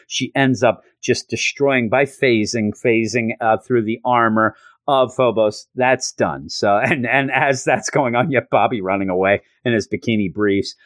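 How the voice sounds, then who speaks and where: A man casually recapping a comic book story, animated and slipping into voices for the characters. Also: medium pitch, no room sound. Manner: animated retelling, acts out quotes. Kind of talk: casual review chat.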